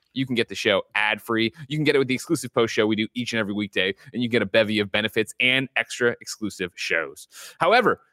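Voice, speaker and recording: Male podcast host, bright and crisp, dry sound, brisk and joking. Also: mid-range voice, no room sound. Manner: joking, fast and upbeat. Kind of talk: casual podcast chat and show intro.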